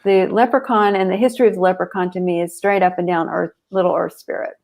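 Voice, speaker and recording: A woman appearing as a guest on a podcast, explaining her views in a thoughtful, measured way. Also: lowish voice, steady tone, gravelly, a little mellow. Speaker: guest author. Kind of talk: casual podcast chat.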